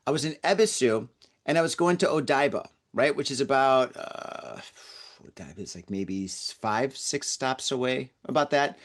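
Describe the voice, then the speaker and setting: Male podcast host with a fairly high voice, rambling casual anecdote, stumbles and repeats himself. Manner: rambling, repeats words, acts out quoted voices. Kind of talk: casual storytelling monologue. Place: lives in Tokyo.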